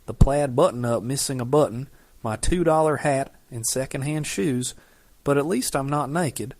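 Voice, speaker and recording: A man's voice: medium pitch, darkish tone, no room sound. Dry-voiced male audiobook narrator. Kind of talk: scripted narration.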